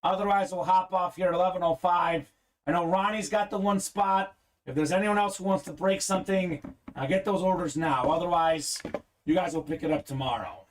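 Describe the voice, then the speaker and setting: Young guy hosting a live break, kinda high voice, chatty, reading comments out. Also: a little fast, slight background noise. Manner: chatty, reads viewer comments aloud, laughs easily. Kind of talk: casual live-stream chat.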